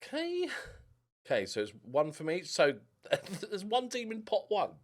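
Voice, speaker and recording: A man's voice: high-pitched, unhurried. Young guy rambling thru a football sim, voice jumps up n down a lot, mutters half the time. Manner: rambling, mutters to himself, lively ups and downs. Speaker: gaming YouTuber. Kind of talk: casual game commentary.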